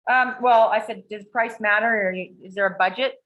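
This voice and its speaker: Profane, animated woman telling a story. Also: medium pitch, moderate pace, muffled recording. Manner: profane, animated, acts out quoted dialogue. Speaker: podcast co-host. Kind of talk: casual storytelling chat. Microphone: video call.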